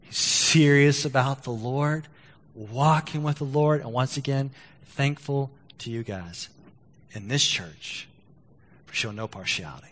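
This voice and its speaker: A man's voice: medium pitch, measured pace, long reverb tail. A male pastor preaching a sermon, telling a story with restarts and acted-out quotes, then leading a prayer. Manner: storytelling, lively quoted voices, stammered restarts. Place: church sanctuary.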